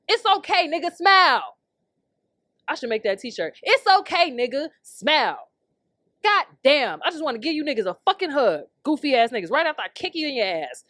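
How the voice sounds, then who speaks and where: Brash swearing woman ranting, fairly high voice. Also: a bit bright, no echo, clean studio sound. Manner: brash, heated, swears constantly, laughs often. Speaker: podcast host. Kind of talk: profane comedic rant.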